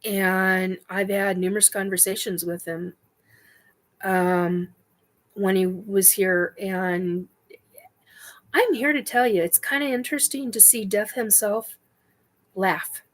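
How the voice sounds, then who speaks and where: On poor audio, a middle-aged woman running a spiritual livestream takes viewer questions, pausing on ums and revising herself as she goes. Her pitch is medium and her intonation fairly even.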